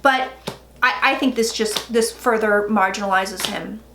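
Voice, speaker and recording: A woman's voice: mid-range voice, a little slow. A woman in her forties giving a casual tarot reading, chatty and blunt, swearing freely. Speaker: psychic tarot reader. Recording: echoey room with faint noise.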